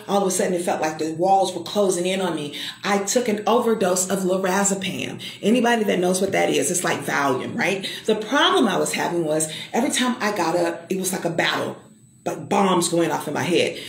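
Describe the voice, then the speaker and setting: A woman's voice: on the low side, gravelly, slight background noise. Middle-aged woman telling her story like a preacher, punchy, talks right at you, roomy echo. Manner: emphatic, calls to the listener. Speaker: motivational speaker. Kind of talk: personal testimony, preacher-like.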